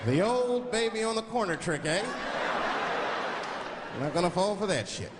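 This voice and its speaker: On a loud, crowded stage, a male stand-up comic with a high, very animated voice tells a profane story at a moderate pace. He rambles loosely and acts out the quotes, and the live recording is full of audience noise.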